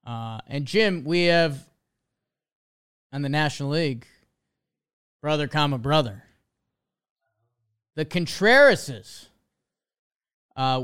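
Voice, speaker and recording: A man chats casually about baseball as a podcast co-host. His voice is smooth and clean and sits a little high. His delivery is relaxed and dry, full of small fillers. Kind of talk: casual sports chat.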